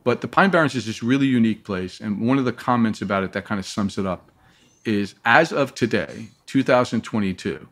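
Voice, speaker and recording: A man telling a long personal story as a guest in an interview, lively and acting out the voices of the people he quotes. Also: lowish voice, fairly quick.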